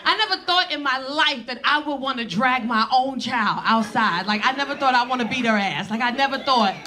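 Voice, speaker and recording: A woman's voice: high-pitched, brisk, bright, forceful tone. A woman in her forties doing a brash, profane stand-up set on a comedy club stage. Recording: live club crowd laughing.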